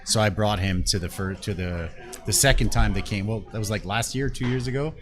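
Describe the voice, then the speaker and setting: A middle-aged man hosting a casual talk show, relaxed, chatty and full of restarts and yeahs. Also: on the low side, a little fast, music in the background. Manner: relaxed, repeats words and restarts often, frequent yeahs. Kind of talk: casual chat.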